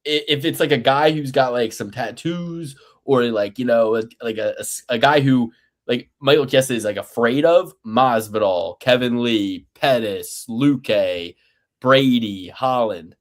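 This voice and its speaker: A man's voice: medium pitch, a little slow. A man co-hosting a casual sports betting podcast, ranting with profanity and sarcastic exasperation. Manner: sarcastic, mocking. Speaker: podcast co-host.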